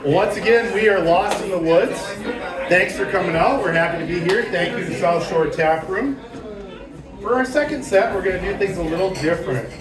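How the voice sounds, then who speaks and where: Upbeat guy hosting improv in a bar, high lively voice, crowd around, echoey mic from far. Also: moderate pace. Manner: upbeat, addresses the audience. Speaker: improv troupe host. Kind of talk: live improv comedy. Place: small bar stage with audience. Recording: roomy bar recording from far off. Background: audience crowd.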